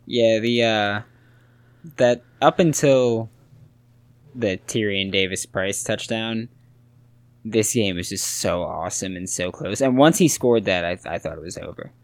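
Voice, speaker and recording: Young podcast co-host, low voice, dry close mic, lively. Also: male voice, measured pace, no room sound. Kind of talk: casual sports chat.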